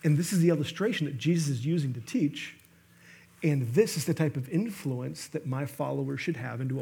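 A male pastor delivers a sermon, his voice high and husky. He tells stories with energy and swings into sudden emphatic bursts. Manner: animated storytelling with emphatic bursts and asides. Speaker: guest pastor.

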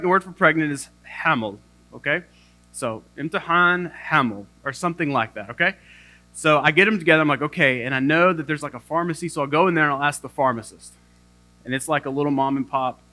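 A young man preaching with a bright, forceful voice pitched a little high. He tells a funny story against himself, moving between jokes and earnest points as he speaks to his listeners. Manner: humorous self-deprecating storytelling. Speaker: pastor. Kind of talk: sermon.

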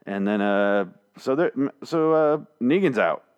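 A man's voice: mid-range voice, expressive, measured pace, clean tone, muffled recording. A man recapping comic chapters in a casual, rambling, sarcastic monologue, swearing freely and slipping into mock voices. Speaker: comic book reviewer.

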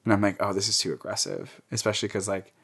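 A man's voice: fairly low pitch, fast talker, a bit bright, breathy edge. A young man being interviewed, telling candid personal stories in a chatty way, with many fillers and frequent laughter.

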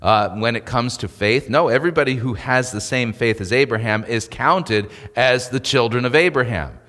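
A man's voice: medium pitch, moderate pace, sharp tone, big-room sound. A male pastor preaching a sermon in a conversational way, rising to emphatic peaks.

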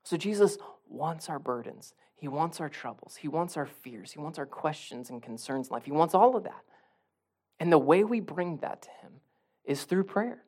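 A male pastor preaching a sermon, swinging from soft near-whispers to loud emphatic bursts and repeating phrases for emphasis. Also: fairly high pitch, lively intonation, normal speed.

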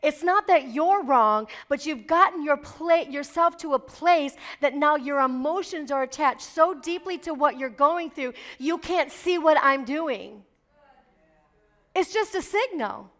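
A woman's voice: high voice, animated, measured pace, a bit bright. A middle-aged woman pastor preaching a sermon, fervent and emphatic, building in intensity as she exhorts.

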